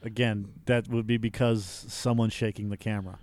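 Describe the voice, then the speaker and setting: A man's voice: fairly low pitch, flat delivery, brisk, darkish tone, dry recording. Profane man in casual movie chat. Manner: profane, joking, tries silly voices. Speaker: podcast co-host.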